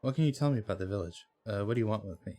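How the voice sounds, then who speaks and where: A man's voice: lowish voice, expressive, very fast, warm tone, close to an everyday voice. A man reading the lines of a polite, wary young adventurer in a fantasy game, often opening with a hesitant "uh".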